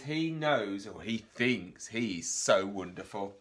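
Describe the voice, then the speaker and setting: A man's voice: on the low side, lively intonation, takes it slowly, a bit bright. A man teaching a reception class remotely, reading a picture book aloud with gasps and questions to the children. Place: home, remote lesson video.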